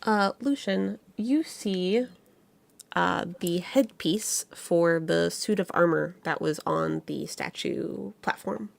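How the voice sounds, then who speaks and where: A woman narrating as game master in a relaxed, unhurried way. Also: lowish voice, creaky.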